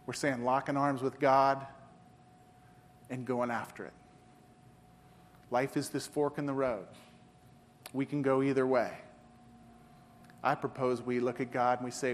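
A man's voice: medium pitch, steady tone, a little slow, pauses often, slight background noise. A man preaching a sermon as pastor, earnest and full of rhetorical questions and restarts. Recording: long hall reverb.

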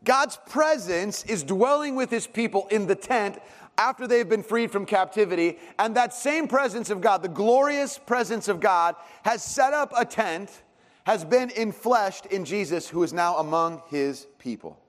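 A man preaches from the pulpit, his voice sitting a little higher than most. He tells stories with lively rises and falls in pitch and volume. The sound carries the long tail of a big hall. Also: measured pace. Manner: animated storytelling with big swings in pitch and loudness. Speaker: pastor. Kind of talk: sermon. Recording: long reverb of a large hall.

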